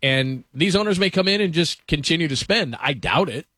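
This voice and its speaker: A man's voice: fairly high pitch, expressive, brisk, pushed and bright, dry recording. A man hosting a sports talk show, chatting casually and quizzing his co-host.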